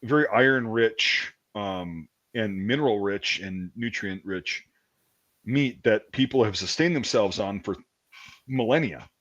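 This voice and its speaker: A man's voice: on the low side, measured pace, a bit bright, dull audio. A man in his thirties hosting a casual chat, telling stories with a rambling, profane manner. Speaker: podcast host.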